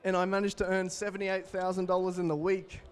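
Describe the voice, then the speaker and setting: Young Aussie keynote speaker, twenties, upbeat storyteller with a slightly high voice who works the crowd. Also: male voice, brisk, clear, resonant tone. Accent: Australian. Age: 20s. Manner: energetic, storytelling, addresses the crowd directly. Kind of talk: motivational talk to a live audience.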